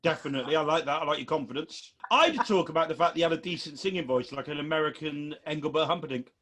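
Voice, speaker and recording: A man's voice: fairly high pitch, fast talker, pushed and bright. Chatty man hosting a quiz. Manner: laughing, loose and chatty. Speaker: quiz host. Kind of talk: comedy panel podcast chat.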